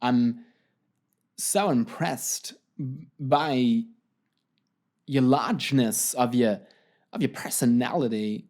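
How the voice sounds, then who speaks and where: A man doing a comic impression of an older film actor, with slow, oddly stressed, halting delivery. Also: mid-range voice, darkish tone, close to an everyday voice. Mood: gushing.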